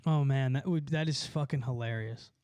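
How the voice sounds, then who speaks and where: A man's voice: medium pitch, normal speed, a little mellow, dry recording. A young man casually chatting on a live stream, laughing a lot and swearing as he mocks someone. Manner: laughing, mocking, profane.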